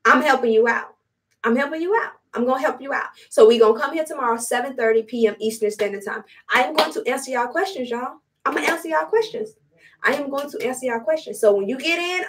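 Here the spiritual-products host speaks in a high, slightly bright voice, picked up from a distance. She runs a casual live-stream demo, chatting, repeating herself and dropping blunt slang.

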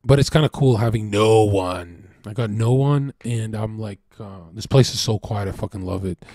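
A young man from Canada, a streamer, talking in a rambling, profane casual monologue that swings between loud bursts and low mutters. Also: normal speed, no echo, studio quality.

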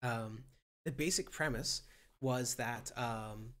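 A man hosting a casual political discussion, explaining ideas at length in a steady way with many ums. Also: mid-range voice, slow. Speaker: host.

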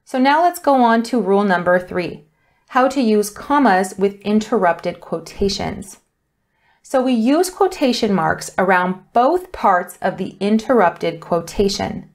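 A woman teaching an English punctuation lesson, explaining rules clearly and deliberately while reading example sentences aloud. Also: medium pitch, lively intonation. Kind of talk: grammar lesson.

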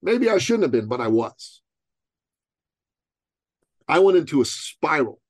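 A man's voice: fairly high pitch, very animated, unhurried, husky, no room sound. A middle-aged man from Iran, a guest telling a motivational story in conversation, emphatic and full of rhetorical questions. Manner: streetwise, calls the host "bro".

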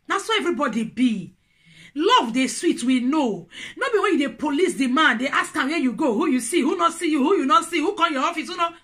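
Lively bright-voiced Nigerian Pidgin woman. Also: high-pitched. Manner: animated, preachy, playful. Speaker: vlogger. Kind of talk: casual advice monologue.

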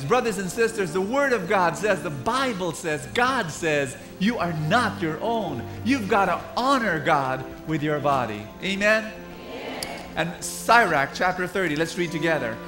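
A Filipino man preaching a sermon, energetic, getting the congregation to repeat phrases after him. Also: high voice, measured pace, music in the background. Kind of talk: sermon with call and response. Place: large hall with congregation.

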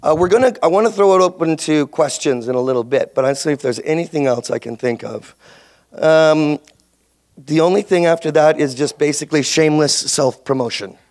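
A man's voice: fairly high pitch, a little fast, darkish tone. A man with a Canadian accent, a voice actor speaking on a convention panel, giving career tips in a rambling, jokey way full of restarts. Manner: rambling, jokey, self-interrupting.

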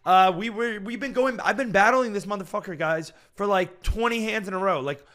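A man talking casually and excitably to his viewers while playing online blackjack, slangy and restless. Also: high voice, fairly quick. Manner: excitable, slangy, swings between hype and frustration. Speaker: gambling streamer. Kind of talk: casual hyped commentary to camera.

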